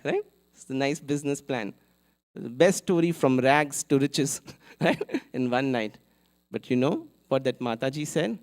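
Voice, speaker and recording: A man giving a sermon in a temple hall, telling a story in an animated way, acting out its characters and asking the audience questions. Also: medium pitch, measured pace. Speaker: temple speaker. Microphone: live event mic.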